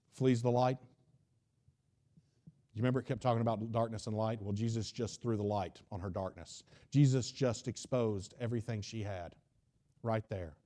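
A man's voice: mid-range voice, dark tone. A man preaching a sermon, retelling a Bible story in a folksy, conversational way.

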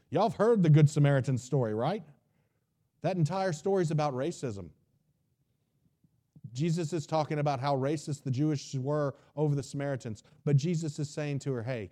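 Male preacher, casual storytelling sermon, warm dark tone. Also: a little high, expressive, fairly quick. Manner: retells the story in a folksy, conversational way and acts out its dialogue.

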